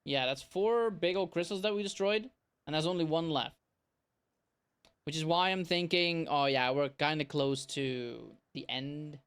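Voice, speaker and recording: A streamer giving casual gameplay commentary, playful and teasing the enemies, now and then breaking into silly yells. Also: mid-range voice, a little slow, smooth. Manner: playful, trash-talks enemies, bursts into silly yelling.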